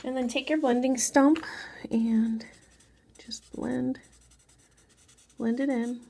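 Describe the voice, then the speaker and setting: A woman casually talking viewers through a drawing tutorial, chatty and softly spoken, with rambling asides. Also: fairly high pitch, steady tone, slow, vocal fry, husky. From Mexican background.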